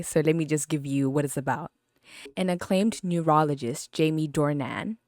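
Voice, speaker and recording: A woman hosting a podcast, chatting about a film in an animated, exclaiming way with lots of fillers. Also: low-pitched, no room sound, studio quality. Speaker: podcast host. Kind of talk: casual movie review chat.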